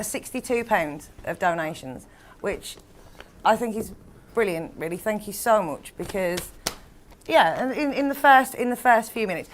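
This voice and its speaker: A woman with a Black Country accent reads out viewer comments on a live stream. Her voice sits a little high, and she sounds flustered, giggly and apologetic. It is casual chat. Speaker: co-presenter reading comments.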